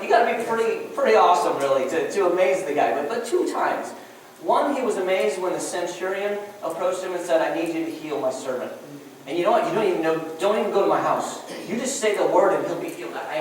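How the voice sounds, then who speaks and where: Casual joking preacher, echoey church. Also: male voice, high-pitched. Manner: conversational and joking, many restarts. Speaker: pastor. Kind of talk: sermon. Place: church sanctuary. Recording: distant mic with echoey room and faint noise.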